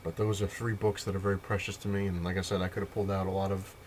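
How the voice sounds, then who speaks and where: A man's voice: deep voice, little pitch movement, rapid-fire, a little mellow, a little hiss or hum. A man, telling a rambling, filler-heavy story to camera in his own casual vlog. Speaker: comic collector vlogger.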